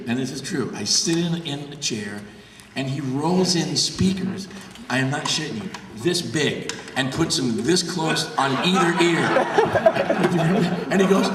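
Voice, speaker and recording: A man's voice: mid-range voice, lively intonation, normal speed, a bit bright, slight background noise. A man, a songwriter, telling an emphatic, enthusiastic story in casual conversation. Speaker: songwriter and co-host. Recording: echoey hall from far off, faint crowd.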